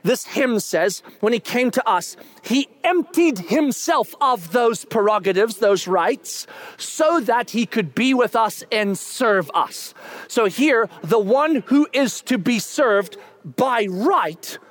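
A middle-aged male pastor preaching a sermon, animated and building to shouts as he gets excited. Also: extremely high pitch, slow.

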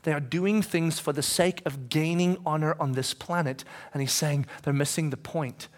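In a church, a male pastor delivers a sermon in a conversational way, posing questions to the congregation and swinging between quiet moments and shouting. His voice sits on the high side, and his pace is moderate.

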